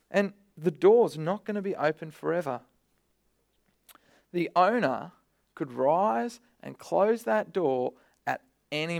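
A man's voice: high-pitched, gravelly, darkish tone. A man preaching a sermon, conversational with bursts of energy, often repeating words.

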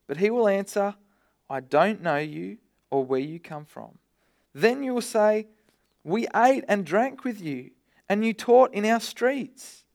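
A man's voice: high-pitched, vocal fry, darkish tone. A man preaching a sermon, conversational with bursts of energy, often repeating words.

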